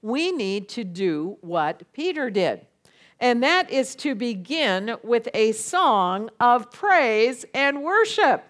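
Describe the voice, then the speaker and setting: A middle-aged woman preaches at a slow, deliberate pace. She swings from loud pleading to hushed tones. She leads her listeners in call-and-response. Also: a little high, big pitch swings. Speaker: speaker at a church gathering. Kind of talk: sermon.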